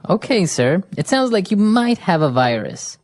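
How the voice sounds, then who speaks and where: Woman doing a chill patient tech support guy, low voice, calming a caller down. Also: normal speed, no room sound. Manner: patient, reassuring, explanatory. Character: calm polite male tech support agent. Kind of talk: scripted dialogue for English learners.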